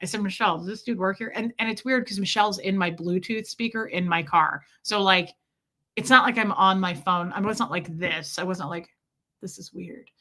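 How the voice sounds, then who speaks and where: A woman's voice: mid-range voice, brisk, pushed and bright. A woman telling a story on a casual livestream. She greets viewers by name mid-story and acts out the people she met in little voices.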